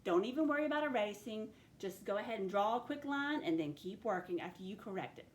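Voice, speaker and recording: A woman's voice: medium pitch, lively intonation, slight background noise. A woman teaching a phonics spelling lesson, stretching out each sound of a word as she dictates it. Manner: slow, stretched sounding-out of words. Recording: echoey room with faint ambience.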